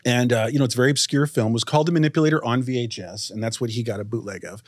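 A man co-hosting a podcast, telling a rambling, animated story in casual chat, swearing freely and acting out quotes. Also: mid-range voice, very fast, no room sound, studio quality. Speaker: podcast co-host.

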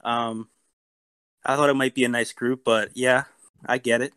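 A man's voice: mid-range voice, little pitch movement, measured pace, a bit bright, clear, resonant tone, no room sound. A man in a casual panel discussion, speaking in a sheepish, hesitant way.

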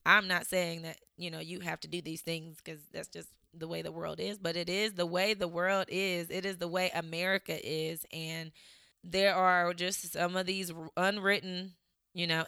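Young woman w a little southern drawl just chatting to her viewers, kinda low, gravelly fry, bright and clean. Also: no echo, studio quality. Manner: chatty, lots of fillers, laughs often. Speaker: vlogger. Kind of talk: casual reflective talk to camera.

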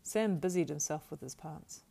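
A woman narrating a storybook aloud in a steady, measured reading with small slips. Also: low voice, vocal fry, breathy edge. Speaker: audiobook narrator.

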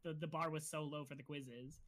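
A man's voice: fairly high pitch, fairly even intonation, fairly quick, fairly bright tone. A young man co-hosting a casual podcast, laid-back and full of trailing fillers. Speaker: podcast co-host. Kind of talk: casual chat.

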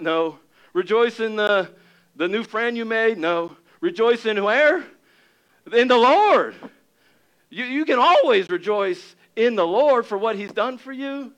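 A man preaching to a congregation with a fairly high-pitched voice. He is animated, acting out little scenes with excited raised tones before falling quieter for earnest points. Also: a little slow, smooth, low-quality recording. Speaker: pastor. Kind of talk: sermon.

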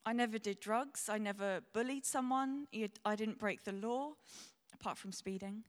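A woman's voice: medium pitch, moderate pace. Tearful young woman preaching in a hall. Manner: earnest, emotional, candid. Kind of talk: sermon. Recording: long hall reverb.

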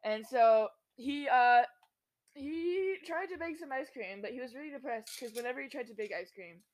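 A woman's voice: sits high, expressive, moderate pace. A woman co-hosting a podcast, telling a silly made-up story in a giggly, rambling way. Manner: giggly, rambling, makes it up as she goes. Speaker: podcast co-host. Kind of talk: playful improvised storytelling.

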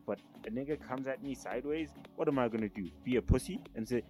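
A man's voice: mid-range voice, quick pace, mellow, faint music behind. A young South African man ranting heatedly to camera, profane and emphatic. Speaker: vlogger. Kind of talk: casual rant to camera.

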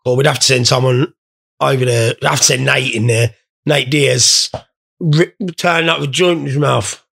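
Rambling, gravelly stoned guy. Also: medium pitch, fairly even intonation, moderate pace, fairly bright tone. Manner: rambling, swearing, joking. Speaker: podcast host. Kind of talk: casual podcast chat.

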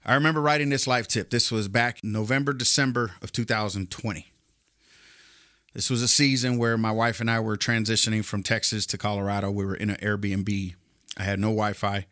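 A man's voice: on the low side, fairly bright tone, no echo, studio quality. A man hosting a motivational podcast as a life coach, upbeat and encouraging, a little out of breath. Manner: upbeat, encouraging, direct address.

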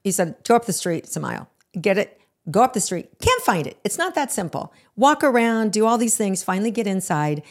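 A woman's voice: mid-range voice, fairly quick. A woman co-hosting a podcast, telling a story in casual chat, acting out the dialogue and swearing freely. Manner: animated, acts out the dialogue in her story. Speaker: podcast co-host.

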